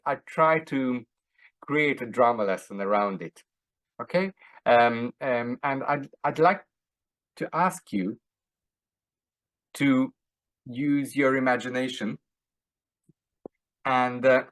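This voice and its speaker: A man's voice: mid-range voice, a bit bright, no room sound. A man teaching an online drama workshop, hesitant, with many fillers and restarts.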